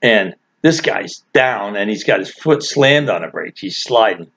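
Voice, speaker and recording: A man's voice: on the low side, expressive, unhurried, a bit bright. An older man telling a rambling, chuckling anecdote in a casual, folksy way. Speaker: storyteller. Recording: dull lo-fi recording.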